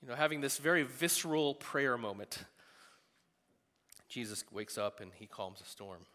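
A man preaching a sermon in a conversational, animated way, with quick asides. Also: medium pitch. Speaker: pastor. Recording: long hall reverb.

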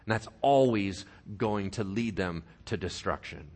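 A man's voice: lowish voice, unhurried, darkish tone. A male pastor preaching a sermon, reading scripture aloud with dramatic emphasis and tossing playful asides to the congregation.

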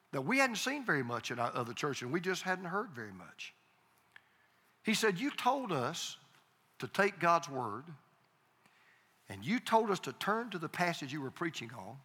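A man preaching a sermon as pastor, telling a story with repeated starts and emphatic pauses. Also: a little high, bright, forceful tone, breathy edge, long reverb tail.

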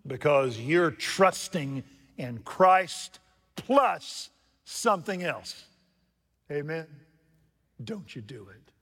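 A man preaching a sermon from the pulpit, jumping from loud emphatic lines to hushed asides and putting questions to his congregation. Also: fairly high pitch, lively intonation, drawn-out words, long pauses. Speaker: pastor. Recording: long reverb from a large hall.

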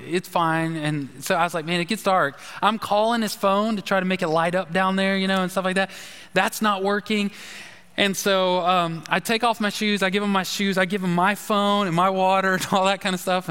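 Male pastor, high bright voice, rambling storytelling sermon, reverb of a large church hall. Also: clear, resonant tone. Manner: chatty, animated anecdote telling with fillers. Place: church sanctuary.

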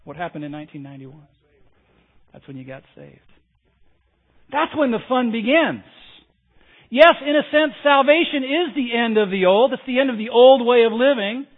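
A male pastor preaching a sermon, emphatic, repeating key phrases and asking the congregation to respond. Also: very high voice. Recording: tinny phone-like sound.

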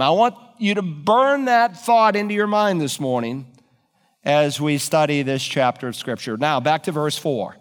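A man preaching a sermon, retelling scripture with animated, dramatic storytelling in a church. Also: a little high, moderate pace, big-room sound. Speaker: pastor.

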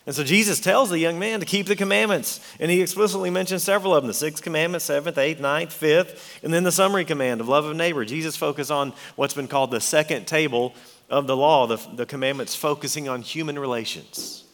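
A man with a fairly bright, higher-pitched voice talks fast while preaching a sermon. Earnest and emphatic, he reads scripture aloud and explains it, and the recording carries long hall reverb.

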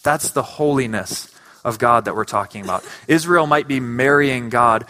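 A man's voice: medium pitch, moderate pace, sharp tone. A man preaching a sermon in a church, earnest and conversational with casual asides. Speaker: pastor.

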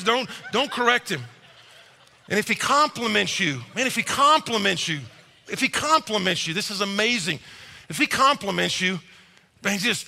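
Bright, gravelly-voiced pastor preaching. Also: male voice, high-pitched. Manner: animated, acts out quick quoted voices. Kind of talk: sermon. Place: church auditorium. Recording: reverberant church hall.

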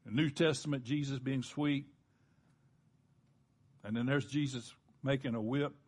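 A man preaching a sermon, earnestly, slowing down and dropping low for emphasis and calling on the congregation to respond. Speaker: pastor.

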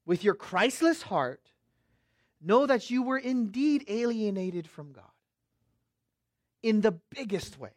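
A middle-aged pastor from the West Coast preaching a sermon, dropping to quiet asides and rising to loud, slow proclamations while checking in with "amen?" and "okay?". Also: male voice, high voice, big pitch swings, no echo, clean studio sound. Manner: swings from hushed asides to loud, drawn-out proclamation; asks the crowd for response with "amen?" and "okay?".

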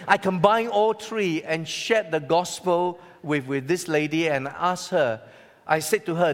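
A man's voice: a little high, measured pace. Storytelling man preaching in a reverberant hall. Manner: storytelling, dramatic shifts between loud and hushed. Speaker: pastor. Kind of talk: sermon.

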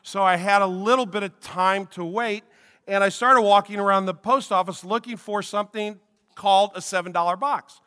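High-voiced pastor in a reverberant hall. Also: male voice, steady tone, moderate pace, bright, forceful tone, smooth. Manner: conversational storytelling with frequent restarts. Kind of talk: sermon with personal story. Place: church sanctuary. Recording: long reverb of a church hall.

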